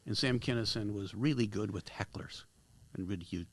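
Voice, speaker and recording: Gravelly man telling a story. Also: on the low side, moderate pace. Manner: animated, acts out dialogue with lively shifts. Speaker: guest, screenwriter and director. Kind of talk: casual anecdotal storytelling. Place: podcast studio.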